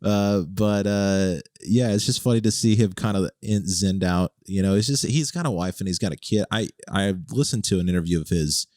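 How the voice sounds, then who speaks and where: Deep-voiced musing male podcast host. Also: normal speed, few pauses, a little mellow, no echo, clean studio sound. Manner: musing, hesitant, lots of restarts. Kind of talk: casual chat.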